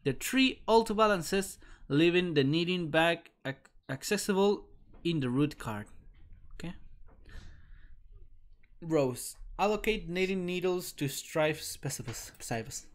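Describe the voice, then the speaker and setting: A man reads a webcomic aloud for a live stream, close on a desk microphone. His voice sits a little on the high side for a man, and he stumbles over odd words, doubles back, laughs and drops the odd curse along the way. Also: animated, measured pace.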